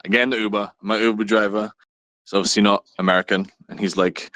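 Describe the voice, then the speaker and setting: A man's voice: fairly low pitch, flat delivery, quick pace, fairly bright tone, no room sound, rough recording. A man, a new father, chatting bluntly and telling a story on a casual podcast. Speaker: new dad, podcast regular.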